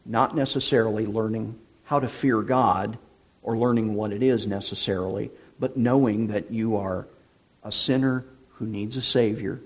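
A middle-aged male pastor with a husky voice, preaching a sermon in an earnest, deliberate way. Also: on the low side, a little mellow, muffled recording.

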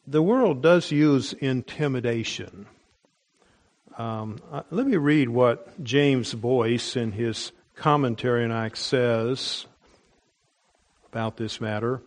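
A middle-aged man teaching a Bible study sermon, deliberate, with frequent pauses and restarts. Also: mid-range voice.

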